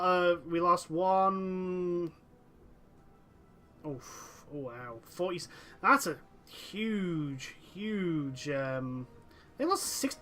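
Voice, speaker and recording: A man's voice: high-pitched, expressive, slow pace, long pauses, fairly bright tone. A man commentating a strategy game let's play, talking to his units and to the nations in the game and getting exasperated with them. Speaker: gameplay commentator.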